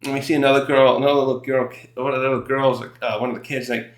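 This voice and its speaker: A man's voice: medium pitch, flat delivery, quick pace. A man reviewing a comic chapter in casual chat, rambling with many fillers, self-corrections and frequent chuckles. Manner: laughs often while recapping. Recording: roomy echo.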